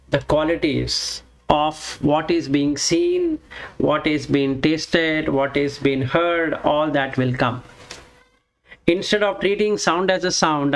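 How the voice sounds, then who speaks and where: Slow man teaching Sanskrit scripture. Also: on the high side, rough recording. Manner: chants Sanskrit verses then explains word by word. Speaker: Vedanta teacher.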